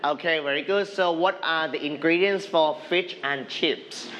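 A man teaching a class, prompting students and echoing each of their answers slowly. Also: fairly high pitch, fairly bright tone, lo-fi sound. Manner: slow, drawn-out prompting, repeats students' answers. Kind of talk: classroom English lesson. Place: busy classroom. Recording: noisy classroom crowd. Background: chatter of a class.

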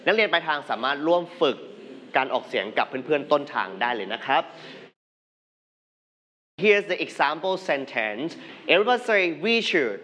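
A man's voice: fairly high pitch, sing-song, rapid-fire, pauses often, sharp tone, slight background noise. A man with a Thai accent teaching an English class, prompting students and having them repeat phrases back. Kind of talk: classroom language drill.

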